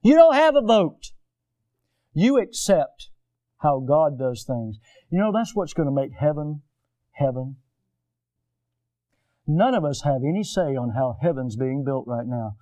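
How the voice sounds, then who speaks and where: A male preacher delivering a sermon, with animated storytelling in which he acts out the people he describes. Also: mid-range voice, a little slow, long pauses.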